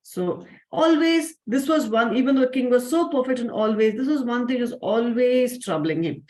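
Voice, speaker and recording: Indian woman storyteller, animated and slightly high-pitched, roomy sound. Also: normal speed. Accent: Indian English. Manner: animated, acts out voices of the characters. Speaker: storyteller and spiritual teacher. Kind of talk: storytelling to children in an online session.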